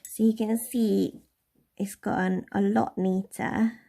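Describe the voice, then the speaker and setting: A young woman from Somerset giving a relaxed, chatty nail care tutorial in a lightly posh English accent. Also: medium pitch, slow, creaky. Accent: posh-leaning southern English. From Somerset, England. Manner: chatty, relaxed, with soft laughs. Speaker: beauty tutorial host.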